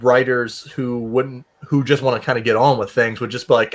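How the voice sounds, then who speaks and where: A man hosting a casual book discussion, retelling scenes and acting out characters in quick voices. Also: mid-range voice, level tone.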